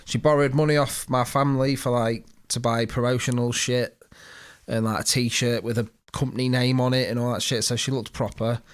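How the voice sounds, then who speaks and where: A man's voice: mid-range voice, little pitch movement, normal speed, clean tone. A young man, a podcast co-host telling a story in casual chat, acting out quoted lines and swearing freely.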